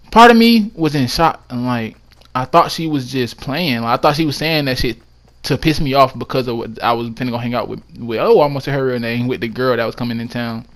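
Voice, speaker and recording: A man rattles off a personal story at a rapid clip, in a casual vlog monologue. His delivery is emphatic and excitable, punctuated by plenty of swearing. His voice sits at an ordinary middle pitch. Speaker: vlogger.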